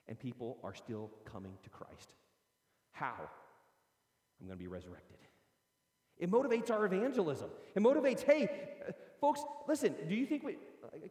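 High-voiced preacher in an echoing hall. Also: male voice. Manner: swings from loud, high proclaiming to low, quiet asides. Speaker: pastor. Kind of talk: sermon. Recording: roomy hall with long reverb.

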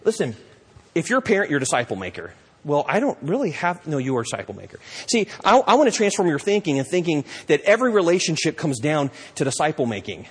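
A middle-aged male pastor preaches with pleading passion, stopping to act out little scenes. His voice sits fairly high and has a husky edge. A long reverb trails his words, as in a large church hall. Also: very animated, fast. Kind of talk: sermon.

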